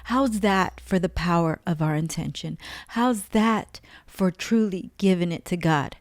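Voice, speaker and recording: A woman's voice: fairly low pitch, measured pace, no echo. A woman giving an earnest, emotional spiritual testimony, repeating phrases for emphasis. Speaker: faith vlogger.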